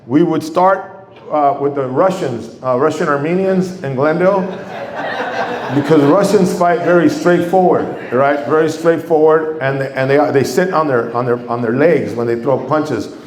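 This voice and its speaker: A man's voice: a little high, normal speed. A middle-aged man, telling stand-up stories on a comedy club stage. He rambles, swears a lot and acts out quoted voices. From Mexico. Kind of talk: stand-up storytelling. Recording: echoey club room.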